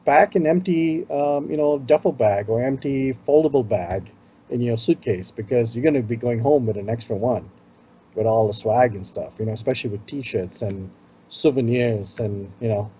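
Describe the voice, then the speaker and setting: A man's voice: mid-range voice, moderate pace, warm tone, lo-fi sound, a little hiss or hum. A man with an Indian accent, co-hosting a casual chat show and giving conference travel tips, talking loosely with lots of "you know". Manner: chatty, fills with "you know". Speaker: podcast co-host.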